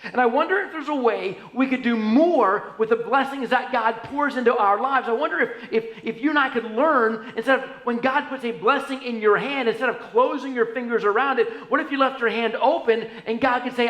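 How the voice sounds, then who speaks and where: A man preaching a storytelling sermon as a pastor, animated, swinging from hushed to loud. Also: very high-pitched, fairly quick, hardly any pauses. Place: church sanctuary. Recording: echoey church hall.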